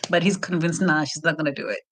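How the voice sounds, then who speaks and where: A South African woman chatting casually on a live reading stream, retelling a book plot with animated asides. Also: low-pitched, fast, a little hiss or hum. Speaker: reading sprint host. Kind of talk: casual chat.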